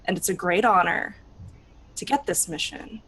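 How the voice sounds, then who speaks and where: A doting female orc mentor, voiced by a woman, stumbling over her words as she tells her charge how proud she is. Her delivery is halting and repetitive, now and then sinking to a soft, breathy hush. A tabletop role-play voice. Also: fairly low pitch, slight background noise, natural voice, low-quality recording. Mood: fond. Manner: halting, repeats herself, soft and breathy in places.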